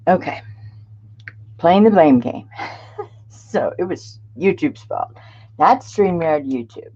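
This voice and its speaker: A middle-aged woman with a low voice hosts a craft livestream. She chats unhurriedly, greets viewers by name and laughs easily. Her voice comes through a desk webcam mic with dull, lo-fi stream audio. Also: a little mellow. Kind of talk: casual live-stream chat.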